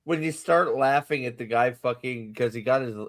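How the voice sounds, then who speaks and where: A man's voice: mid-range voice, moderate pace, a loud crowd. Sarcastic, swearing man in casual banter. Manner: sarcastic, swears often, laughs a lot. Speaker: podcast co-host.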